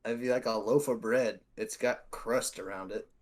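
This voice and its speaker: A man with a mid-pitched voice hosting a casual podcast. He talks in an offhand way and teases his co-host. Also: steady tone, normal speed. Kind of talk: casual chat.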